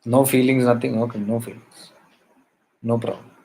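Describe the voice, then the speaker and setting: Man, mid pitch, emphatic spiritual teacher who repeats himself for stress. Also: fairly even intonation, normal speed, gravelly, mellow, a little hiss or hum, poor audio. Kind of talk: spiritual storytelling talk.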